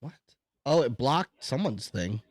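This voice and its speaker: A man's voice: medium pitch, big pitch swings, measured pace, no echo, studio quality. A man co-hosting a casual podcast, joking and swearing freely. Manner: profane, joking. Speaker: podcast co-host.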